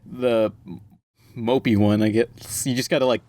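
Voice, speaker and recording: A man's voice: mid-range voice, fairly even intonation, a little slow, mellow, no room sound. A man hosting a casual group podcast, talking in a rambling, profane way with frequent fillers and restarts.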